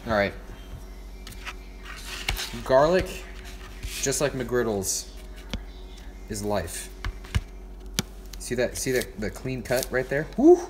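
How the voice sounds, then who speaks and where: A man's voice: medium pitch, animated, slow, long pauses, background noise. A man hosting a casual livestream, joking and mocking himself with lots of swearing while he cooks. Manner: profane, joking, self-mocking.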